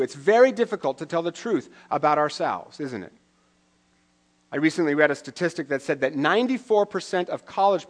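A middle-aged man preaching a sermon in a conversational way, with wry asides and questions to the listeners. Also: on the high side. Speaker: pastor.

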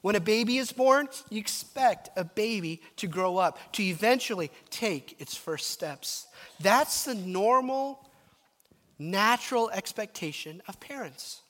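A man's voice: high-pitched, measured pace. A man preaching a sermon, telling stories and dropping to a murmur at times. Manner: animated, storytelling, drops to a murmur at times. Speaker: pastor. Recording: reverberant hall.

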